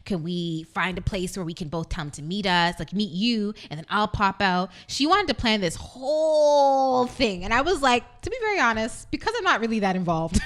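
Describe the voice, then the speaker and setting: A young adult woman co-hosting an internet radio talk show, telling a story in a casual, animated way and acting out the voices of the people in it. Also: medium pitch, a little hiss or hum. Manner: fast-talking, animated, acts out quoted voices.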